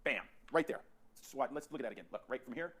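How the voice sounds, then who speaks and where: A man teaching portrait posing in his photo studio, directing a subject with energetic, repetitive coaching. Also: mid-range voice. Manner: rapid, energetic coaching with frequent restarts and repeats.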